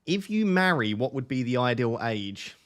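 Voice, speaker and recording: Hosting a relaxed live stream, this young Essex man speaks with an Essex English accent, chatting back to viewers as he reads their messages. His mid-range, fairly bright voice is very animated at a normal speed, captured on a close desk mic.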